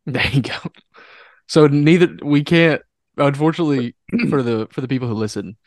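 An upbeat young man jokes around while co-hosting a sports podcast. His voice has a middle pitch. The recording is dry and close. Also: normal speed, darkish tone, no echo. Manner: upbeat, joking. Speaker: podcast co-host. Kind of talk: casual chat.

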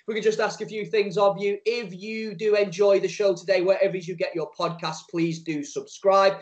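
A man hosting a running podcast, reading the show notices in an upbeat, chatty way. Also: high voice. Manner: upbeat, chatty, laughs easily. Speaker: podcast host. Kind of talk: casual podcast chat.

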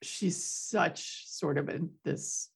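Gravelly, husky woman gushing. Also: sits low, takes it slowly. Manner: excitable, gushing, laughs often. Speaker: podcast co-host. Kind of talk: casual chat about a TV show.

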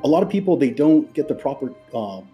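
A man's voice: a little high, sing-song, quick pace, muffled recording, soft background music. A man hosting a podcast in casual, chatty talk, effusive and full of loose restarts. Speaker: podcast host.

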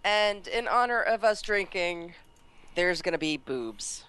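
Low-voiced woman co-host, teasing. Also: animated, measured pace, a bit bright, slight background noise. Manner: teasing, playful. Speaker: podcast co-host. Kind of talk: casual comedic podcast banter.

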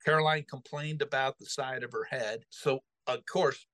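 A man's voice: mid-range voice, moderate pace, no room sound, rough recording. A middle-aged man casually telling a funny family story on a podcast, acting out the voices of the people in it. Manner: animated, acts out quoted voices.

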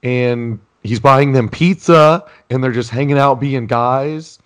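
A man co-hosting a podcast, chatting casually and praising an old sitcom scene in a relaxed way. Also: medium pitch, slow. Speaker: podcast co-host.

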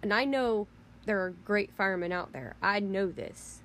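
Mid-range and fairly bright, a female podcast host's voice moves at normal speed through an indignant, heated casual rant full of mild swearing and restarts. A little hiss or hum is audible.

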